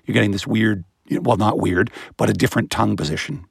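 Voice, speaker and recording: A man with a low, gravelly voice and a slightly husky edge talks through how babies learn speech, vividly demonstrating sounds as he goes. The recording is close and dry, with no room around him. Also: fast, no room sound. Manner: animated, imitates baby sounds with high-pitched bursts. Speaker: guest expert on voice and language. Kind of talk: explanatory interview answers.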